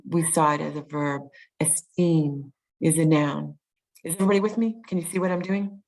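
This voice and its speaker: A woman's voice: deep voice, steady tone, moderate pace, darkish tone, low-quality recording. A woman presenting an online teaching webinar, explaining step by step with frequent ums and restarts, on a video call mic.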